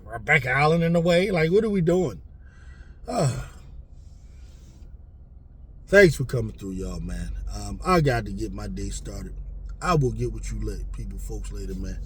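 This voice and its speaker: A man hosting a casual sports talk show, ranting in an animated, profane, rambling way with lots of fillers. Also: lowish voice, normal speed, pauses often, breathy edge. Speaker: sports commentator host.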